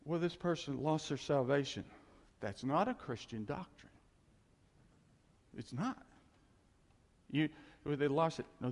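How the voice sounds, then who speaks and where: A man's voice: medium pitch, in a large hall. A man preaching a sermon in a conversational way, laughing now and then and hammering points with repetition. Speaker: pastor.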